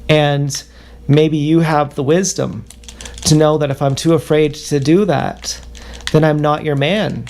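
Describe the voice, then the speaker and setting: Male streamer, slightly high, gravelly fry, halting confessional ramble, faint keyboard noise behind. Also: fairly even intonation, a little mellow. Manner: halting, self-questioning, repetitive. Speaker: livestreamer.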